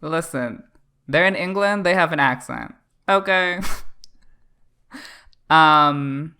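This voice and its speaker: A man's voice: on the high side, slow, bright, forceful tone, smooth. A man from Canada co-hosting a podcast, talking in a campy, playful and teasing way in casual chat. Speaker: podcast co-host.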